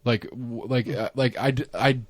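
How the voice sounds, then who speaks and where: A man's voice: medium pitch, steady tone, normal speed, no echo. A man with a Southern US accent, hosting a casual podcast chat, rambling and swearing with many restarts. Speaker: podcast host. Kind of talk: casual conversation.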